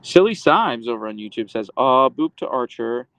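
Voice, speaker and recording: Male streamer, casual and affectionate, lively sing-song pitch with a gravelly edge, dry close phone mic. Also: moderate pace. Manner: baby-talk to his dog, reads chat aloud. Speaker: livestream host. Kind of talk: casual livestream chat with pet. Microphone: handheld phone camera.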